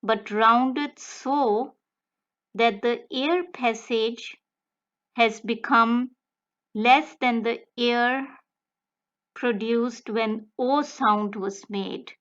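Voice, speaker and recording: Very slow, careful woman tutor. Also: a little high, fairly even intonation, fairly bright tone, dull audio. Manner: slow, deliberate, breaks words into careful phrases. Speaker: language tutor. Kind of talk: slow instructional explanation.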